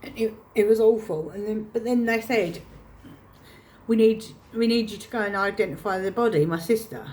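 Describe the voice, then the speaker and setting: A woman's voice: mid-range voice, normal speed, darkish tone. A woman telling a painful personal story to camera, emotional and reenacting her own past words. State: choked up. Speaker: vlogger.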